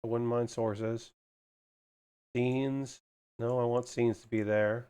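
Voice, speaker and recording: A man livestreaming his model kit hobby, chatting casually, muttering to himself and swearing freely, and getting excited about the kits. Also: medium pitch, slow pace, clear, resonant tone.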